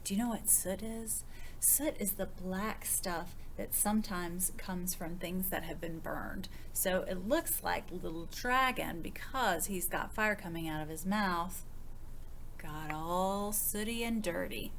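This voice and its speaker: A woman, a children's librarian, reading a picture book aloud with expressive, child-directed storytelling and questions to her young listeners. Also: fairly low pitch, a little slow, slight background noise.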